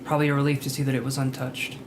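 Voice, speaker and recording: A man's voice: medium pitch, monotone, rapid-fire, noisy background. A man hosting a live tarot reading stream, chatting casually, greeting viewers by name and joking about himself.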